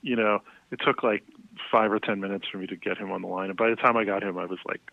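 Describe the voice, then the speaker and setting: A man's voice: fairly low pitch, fast talker, creaky, dry recording. Rambling man on a tinny phone line. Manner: rambling, animated storyteller with many fillers. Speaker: guest, music writer. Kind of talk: casual phone conversation.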